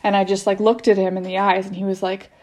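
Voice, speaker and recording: A woman's voice: mid-range voice, little pitch movement, fast talker, a little mellow. A woman in her thirties, a mother, telling a personal story casually on a podcast, rambling with many restarts. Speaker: mother sharing experiences as podcast guest.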